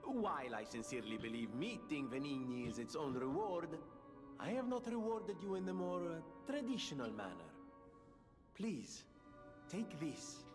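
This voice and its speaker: An actor voicing a theatrical, grandiose male gentleman inventor in his thirties, in video game dialogue. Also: sits high. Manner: grandiose, theatrical self-introductions. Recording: game audio with reverb and music.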